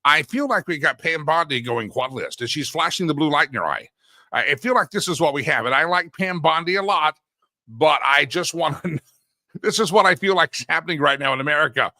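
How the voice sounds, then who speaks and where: A man's voice: on the high side, brisk, bright, forceful tone, dry recording. A middle-aged man from Texas, hosting a talk show and ranting through a sarcastic, opinionated monologue. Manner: sarcastic, ranting, laughs at his own jokes. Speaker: radio talk show host.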